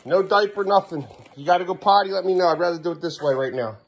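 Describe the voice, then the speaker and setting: A man's voice: high-pitched, fast talker, gravelly, husky. A man filming his kids at home in a casual vlog, exasperated and half-laughing as he talks to them. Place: family home.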